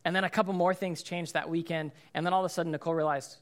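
A man's voice: fairly high pitch, racing. A man preaching a sermon in a casual, conversational way, often checking in with listeners and acting out what people said. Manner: acts out quoted people in lively voices. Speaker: pastor.

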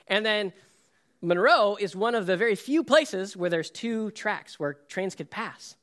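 Animated storytelling male preacher, high bright voice. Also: a little slow. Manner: storytelling, animated, acts out quotes with laughs. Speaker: pastor. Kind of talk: sermon.

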